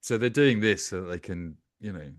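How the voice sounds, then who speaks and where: A man's voice: lowish voice, animated, fairly quick. An older man with grandchildren, joining a casual livestream chat with dry, teasing remarks. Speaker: cartoonist guest.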